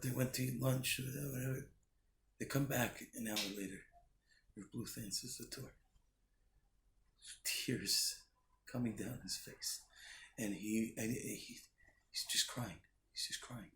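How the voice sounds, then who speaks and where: Brief: male rabbi, gravelly voice, earnest storyteller, roomy recording with faint hum behind. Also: medium pitch, unhurried, pauses often. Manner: earnest, restarts often. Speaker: rabbi giving a weekly Torah thought. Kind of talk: short spoken Torah talk with storytelling. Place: Jerusalem.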